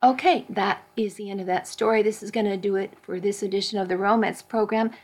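A woman volunteer reading a romance novel aloud for a radio program, in a slow, measured way. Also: mid-range voice, fairly even intonation, darkish tone. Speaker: volunteer reader.

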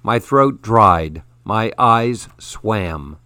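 A man narrating a story in the first person, in a measured, earnest way. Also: on the low side, animated, pushed and bright, no room sound, studio quality. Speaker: audiobook narrator.

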